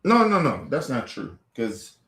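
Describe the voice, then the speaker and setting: A man talks to his stream viewers in a blunt, rambling, profane manner. His voice sits at an ordinary middle pitch. The room around him rings with noticeable echo. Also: big pitch swings, a little slow, a bit bright. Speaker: live stream host. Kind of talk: casual storytelling to viewers. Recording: echoey room.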